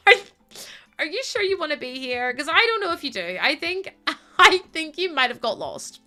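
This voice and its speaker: A woman's voice: high voice, big pitch swings, moderate pace, pushed and bright. A young woman live streaming, chatting casually with her viewers, giggling and playfully scolding them. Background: faint music.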